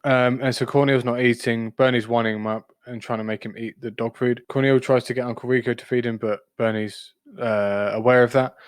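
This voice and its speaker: A man talks through a cartoon episode in a loose, rambling way, full of ums and uhs. His voice sits at an ordinary pitch. The sound is dry and close, with no room around it. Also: no echo. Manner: rambling with fillers. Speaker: podcast co-host. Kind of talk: casual episode recap.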